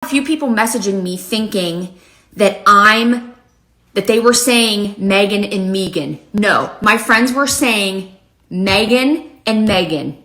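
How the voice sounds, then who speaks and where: This Pittsburgh woman, a lifestyle vlogger with a faint Southern edge to her accent, recounts a funny story to the camera, sounding casual and exasperated. She speaks at a medium pitch that's a bit bright, and the recording is reverberant.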